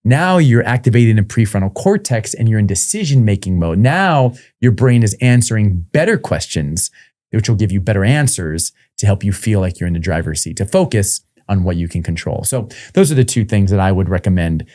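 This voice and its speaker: A man, a performance coach, telling lively stories in an interview and acting out the voices of the people he quotes. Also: fairly low pitch, brisk. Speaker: performance psychology coach, guest. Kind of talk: interview storytelling.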